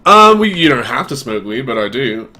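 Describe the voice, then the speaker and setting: A middle-aged man hosting a call-in show, explaining things patiently in a relaxed way with fillers. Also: medium pitch, moderate pace, noisy background. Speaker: radio show host. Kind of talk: casual call-in chat.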